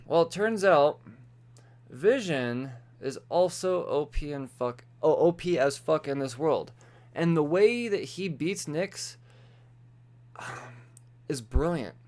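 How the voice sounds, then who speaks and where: Smooth-voiced man on a casual podcast. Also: a little high, a little mellow. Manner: loose and profane, quoting characters in offhand voices. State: tipsy from beer. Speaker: podcast host reviewing comics. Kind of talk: casual solo podcast chat.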